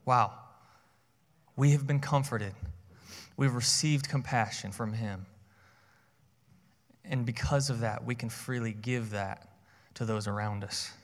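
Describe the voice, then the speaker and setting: A man's voice: medium pitch, a little slow, long reverb tail. A man giving a sermon in a conversational way, telling a personal story and often repeating words as he starts a phrase. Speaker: preacher.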